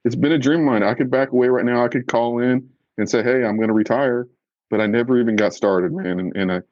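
A man's voice: medium pitch, fast, a little mellow, dry recording, muffled recording. A man, a professional fisherman, talking candidly as a podcast guest, blunt and earnest, a self-described fiery man who gets right to the point.

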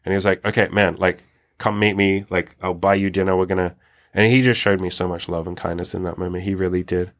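Deep-voiced young man, frank storytelling. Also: fairly even intonation, quick pace. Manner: frank, reflective, swears casually. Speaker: podcast host telling his own story. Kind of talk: candid personal storytelling.

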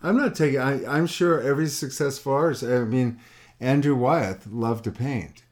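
Speaking at a moderate pace in a mid-range voice, this middle-aged man delivers a sincere motivational monologue to someone listening. He asks his questions more than once and performs the voices he quotes.

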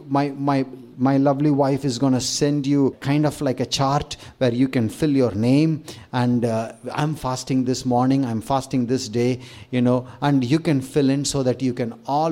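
A man's voice: medium pitch, dark tone. A man preaching a sermon as pastor to his church family, earnest, repeating phrases and building lists with rising emphasis.

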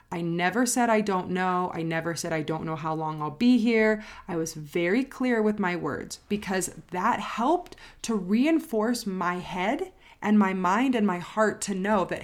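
Woman coach vlogging, earnest and reflective, repeats herself for emphasis, a bit teary. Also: on the low side. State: emotional, near tears. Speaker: life coach. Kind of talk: personal vlog monologue.

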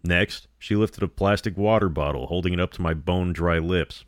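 A man narrating a first-person horror story in a steady, measured way. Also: deep voice, no echo, clean studio sound.

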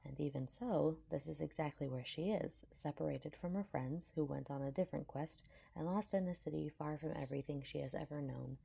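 Woman fanfiction narrator, low gravelly voice, husky, calm and measured. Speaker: fanfiction reader.

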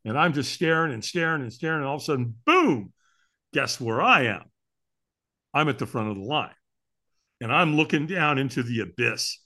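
A man being interviewed on a podcast, telling a personal story with emphatic, animated delivery and frequent rhetorical questions. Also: mid-range voice, fairly quick. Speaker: podcast guest.

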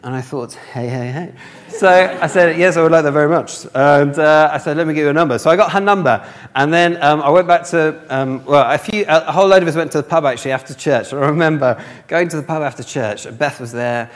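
A man's voice: on the high side, fairly quick. A young man from the north of England telling a humorous, self-mocking story in a sermon, acting out the dialogue. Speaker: speaker. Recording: long hall reverb.

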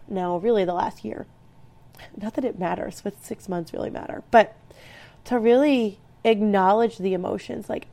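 Woman in her 30s talking through feelings, earnest, kinda rambly, soft warm voice. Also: medium pitch. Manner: earnest, rambling with many restarts. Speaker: speaker sharing personal growth advice. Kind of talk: reflective personal talk.

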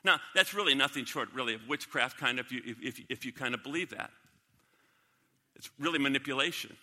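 Preaching in a church sanctuary with the long reverb of a large hall, a male pastor speaks fairly quickly in a mid-range, pushed and bright voice. He is emphatic, returning to key lines and addressing questions to the congregation.

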